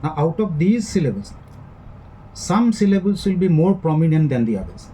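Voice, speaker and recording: A man giving a classroom lecture, speaking in a measured way that repeats and rephrases each point. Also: a little high, very animated, mellow, slight background noise, low-quality recording. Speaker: English literature lecturer.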